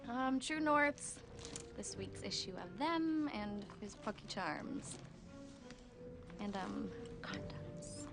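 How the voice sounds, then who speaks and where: A woman's voice: medium pitch, expressive, slow pace, long pauses, music in the background. An actress playing a chatty, easily amused woman customer who talks in a singsong manner.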